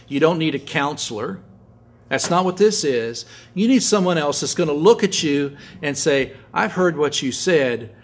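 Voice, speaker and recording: A male pastor preaching a sermon in an earnest way, often repeating words as he restarts and sometimes dropping to a soft hush. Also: a little high. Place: church sanctuary.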